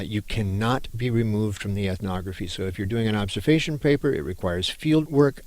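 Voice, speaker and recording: A man's voice: on the low side, a little mellow, no echo. A middle-aged male anthropology professor giving a conversational, emphatic lecture on writing, with fillers and restarts.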